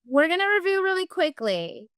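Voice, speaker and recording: A woman's voice: extremely high pitch, big pitch swings, normal speed, fairly bright tone, dry recording, clean studio sound. A woman teacher, leading a virtual class in an upbeat, encouraging way and saying "y'all".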